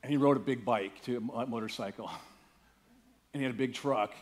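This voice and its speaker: A man's voice: medium pitch, fairly quick. A male pastor preaching a sermon, telling a story casually and building to emphatic preaching. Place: church.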